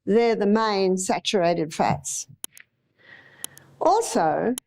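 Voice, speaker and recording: A woman's voice: medium pitch, expressive, extremely slow, darkish tone. An Australian woman lecturing an audience on health in a chatty way, repeating phrases for emphasis. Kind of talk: live talk to an audience.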